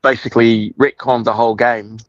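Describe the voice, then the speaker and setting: A man, a guest on a livestream, speaking in a measured, hesitant way. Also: medium pitch, level tone, no echo, muffled recording. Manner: measured, hesitant, thinks aloud. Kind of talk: casual chat.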